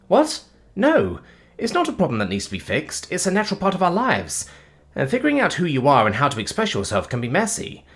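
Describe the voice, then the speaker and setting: A man's voice: fairly high pitch, huge pitch swings, a little fast, a bit bright, voice pushed up, heavily acted. A man voicing an earnest young woman scientist who explains things patiently. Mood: explaining.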